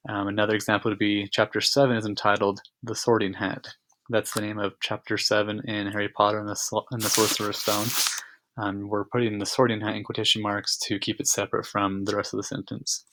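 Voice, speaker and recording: A man teaching a narrated slideshow lesson, explaining calmly with frequent fillers and restarts. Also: fairly low pitch, fairly quick, a little hiss or hum. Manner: relaxed explanatory, many fillers.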